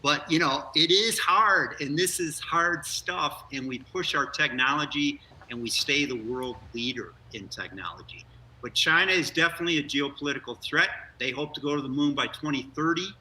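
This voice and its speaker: A man's voice: mid-range voice, moderate pace, bright, forceful tone, far from the mic, poor audio. An older man, a former astronaut, speaking earnestly and with energy as a guest in a live news interview over a remote feed.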